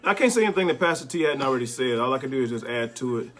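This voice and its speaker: A middle-aged man, a bishop, giving plainspoken, relaxed marriage advice in casual conversation. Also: medium pitch, racing, soft background music. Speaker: bishop, co-host.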